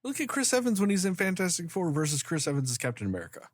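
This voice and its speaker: A woman's voice: fairly low pitch, very animated, rapid-fire, dry recording. A woman co-hosting a movie podcast, chatting casually in a blunt, jokey way and swearing freely. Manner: jokey, blunt, swears, does silly voices. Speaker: podcast co-host.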